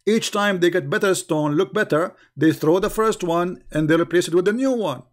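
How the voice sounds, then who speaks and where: A middle-aged man with a high voice hosts a livestream debate at normal speed. His polemical commentary is combative and mocking, and he drives points home by repeating them.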